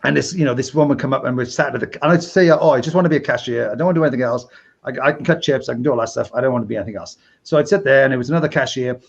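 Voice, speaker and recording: A middle-aged man from Wales with a Welsh accent, a podcast host chatting casually and telling lively stories. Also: mid-range voice, racing, vocal fry, dull audio. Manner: animated storyteller, acts out quoted people. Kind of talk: casual chat.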